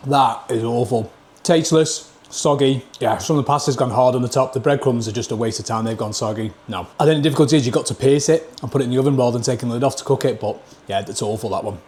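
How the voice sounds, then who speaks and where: A man's voice: mid-range voice, fast talker, a little mellow. A man with a Northern English accent doing a casual food review vlog, blunt and plain-spoken, tasting dishes at a table into a camera mic. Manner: blunt, plain-spoken, scores each dish out of ten.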